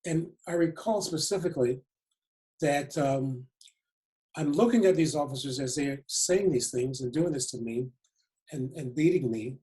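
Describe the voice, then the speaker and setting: A man in his seventies from Detroit, a retired police chief giving a lecture, telling a personal story deliberately and reflectively, often repeating words for emphasis. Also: medium pitch, mellow, low-quality recording. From Detroit, USA.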